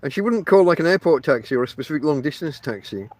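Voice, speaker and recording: A podcast host from Barnsley, South Yorkshire, rambles casually from inside a tent, addressing his audience directly in a Northern English accent. He talks fast and animatedly, with a voice on the high side and a darkish tone, in a dry recording. Fillers crop up constantly in his chatty delivery.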